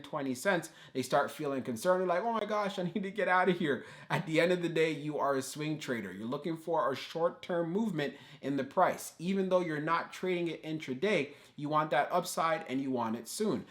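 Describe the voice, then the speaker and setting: A man's voice: medium pitch, a bit bright. A man hosting a stock market video, talking viewers through chart levels and trading discipline with an emphatic, coaching tone. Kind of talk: solo market analysis talk.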